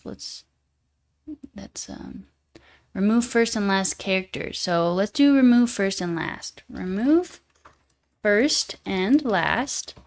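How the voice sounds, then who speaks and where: A young woman live-streaming as she codes, thinking aloud, joking at her own expense and answering chat as she goes. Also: medium pitch. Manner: thinks aloud while coding, jokey and self-deprecating; answers viewer chat in passing. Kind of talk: casual live coding stream.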